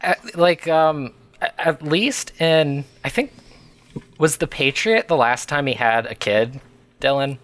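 A man co-hosting a podcast in casual chat, animated and laughing often. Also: on the high side, slow. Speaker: podcast co-host.

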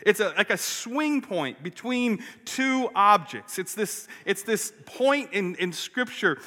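A man preaching a sermon, telling a story in an animated way with frequent restarts. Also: sits high, slow pace. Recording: long hall reverb.

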